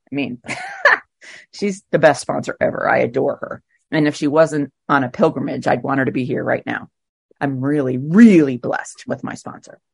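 A middle-aged woman with a notably low voice gives a personal share at a twelve-step meeting. She speaks candidly and emotionally, pausing on fillers as she gathers her thoughts. The sound is close and dry, with no room echo.

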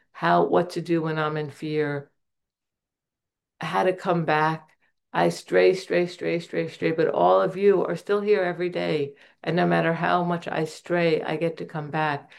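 With a deep voice and vocal fry, a middle-aged woman shares her personal story at a recovery meeting. She is candid and earnest, and makes gentle fun of herself as she tells it.

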